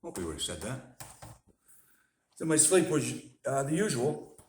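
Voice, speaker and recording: A man's voice: medium pitch, very animated, unhurried, a little mellow, a little hiss or hum. A man keeping a casual video diary about his life with bipolar disorder. He rambles, uses many fillers, corrects himself, and laughs at himself. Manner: self-deprecating, laughs at himself. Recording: roomy echo.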